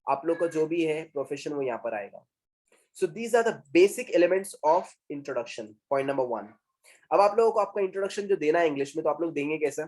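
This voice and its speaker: A man's voice: fairly high pitch, animated, rapid-fire, darkish tone. A man in his twenties with an Indian English accent, teaching English as a communication trainer and switching often between English and Hindi, repeating points for emphasis. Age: 20s. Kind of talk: classroom English lesson.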